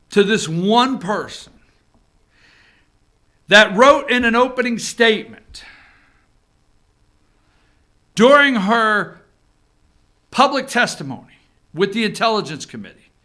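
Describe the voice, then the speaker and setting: A man hosts his own opinion show from an office room, talking in a sarcastic, animated way and repeating phrases to hammer a point. His voice sits high and swoops all over, with a bright, sharp edge. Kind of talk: animated political commentary.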